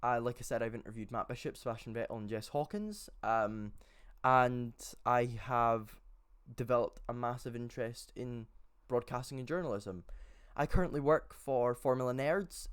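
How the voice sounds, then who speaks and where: A man's voice: medium pitch, clean tone. A young man in his late teens gives a casual introduction to his channel, talking in a chatty and hesitant way with frequent fillers. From Scotland. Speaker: channel host.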